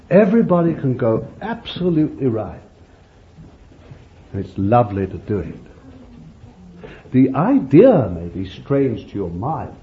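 A man preaching a sermon in a folksy, conversational way, often adding "you see" as an aside. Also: lowish voice. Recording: muffled lo-fi recording with faint hiss.

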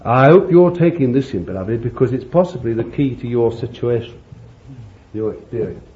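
A man preaching a sermon, calling his listeners beloved, laughing between points and jumping high when he voices prayers and pleas. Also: normal speed. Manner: animated, jumps to high pitch for quoted pleas. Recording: dull lo-fi old sermon tape with faint hiss.

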